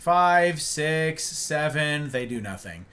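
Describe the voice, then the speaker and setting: A man streams a game live and rants about the controls to his chat and a friend. His voice swings widely in pitch and has a bright, sharp edge. He talks slowly, with faint music behind him. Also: expressive. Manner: exasperated, ranting about controls.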